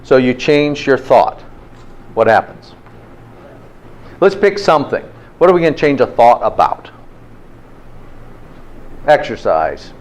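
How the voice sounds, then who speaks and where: A man's voice: medium pitch, very animated, takes it slowly, pauses often. A man teaching a health class in an informal, interactive way, often checking in with "okay?". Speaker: health instructor.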